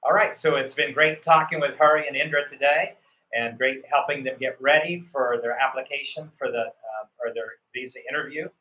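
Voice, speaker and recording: A man's voice: medium pitch, steady tone, brisk. A man coaching students for a visa interview, rambling with many fillers and restarts. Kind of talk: coaching on a call. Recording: echoey, muffled room sound.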